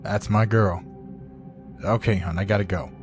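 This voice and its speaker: A man's voice: fairly low pitch, steady tone, moderate pace, over music, voice pushed up, close to an everyday voice. A male narrator voicing a tired veteran police detective in a horror audiobook. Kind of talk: audiobook character voice.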